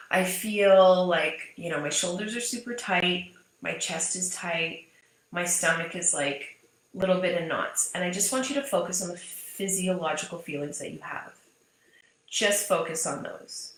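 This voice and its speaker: Speaking casually to camera, a thirtysomething business mindset coach gives her audience candid motivation, swearing liberally and restating points to stress them. Her mid-range voice has a fairly bright tone, recorded in an echoey room.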